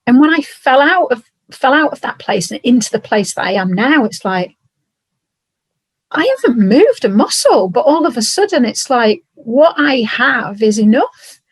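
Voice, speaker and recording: Husky-voiced woman sharing a personal story. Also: fairly high pitch, big pitch swings, dry recording. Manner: reflective, halting, tearful at times. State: emotional. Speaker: podcast guest. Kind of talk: emotional personal conversation.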